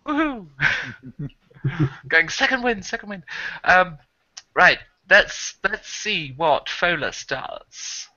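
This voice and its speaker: A man's voice: high voice, lively intonation, slow, sharp tone. A man running a tabletop game as game master over voice chat, chatty and often laughing as he narrates. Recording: dull lo-fi voice chat audio.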